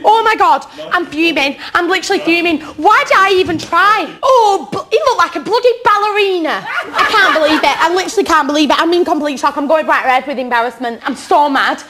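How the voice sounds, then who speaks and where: A woman's voice: very high voice, a little fast, hardly any pauses, noisy background. A British woman, a reality contestant, dramatically exasperated and half-laughing as she vents.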